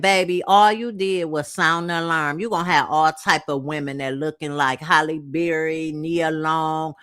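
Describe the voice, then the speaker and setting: A woman's voice: deep voice, fairly bright tone. A woman from Detroit giving a blunt, profane, slangy casual recap of a reality TV episode.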